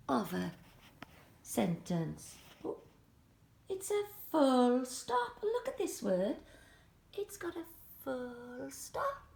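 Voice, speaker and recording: A middle-aged woman with a Welsh accent teaches young children phonics, slowly stretching out each sound. Her pitch swings widely in a sing-song way, with a slightly gravelly edge. She is recorded at home, a few feet from the camera. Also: darkish tone, slight background noise. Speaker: primary school teacher. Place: home, filming alone.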